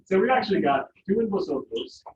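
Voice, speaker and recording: A man teaching a Spanish class, relaxed and jokey, with many fillers. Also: high voice, a little fast, slight background noise. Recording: roomy, distant, muffled classroom sound.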